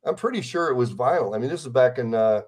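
A celebrity impersonator in his sixties, a guest on a podcast interview, speaks quickly and expressively in a medium-pitched, slightly mellow voice. He rambles enthusiastically and slips into impressions.

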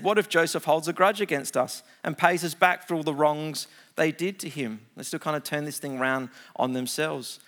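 A middle-aged man, preaching a sermon, reading scripture aloud and explaining it with animated asides. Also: fairly high pitch. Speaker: pastor.

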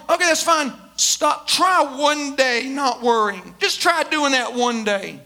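High, bright-voiced male pastor preaching. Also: slow pace, few pauses. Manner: emphatic, repeats words and restarts often. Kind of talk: conversational sermon.

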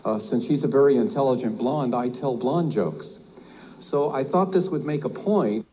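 A man gives a conference talk to health practitioners, pitched right in the middle of the male range. His voice is mellow and warm, and his delivery is folksy and halting, full of uh's and restarts. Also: a little hiss or hum, low-quality recording. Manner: tells a joke with acted voices. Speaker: herbalist speaker at a health conference.

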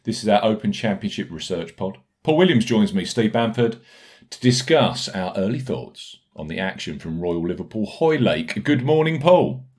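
Brisk, jokey low-voiced male podcast host. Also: sing-song, a little mellow. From United Kingdom. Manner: brisk, jokey, reads out sponsor notes and listener reviews. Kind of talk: casual podcast chat.

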